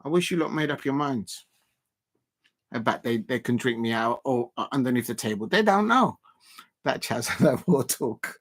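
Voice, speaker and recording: A man hosting a casual live stream, talking in an excitable, rambling way and often laughing. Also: medium pitch, normal speed. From South London, Colombian roots. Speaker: live stream watch-along host.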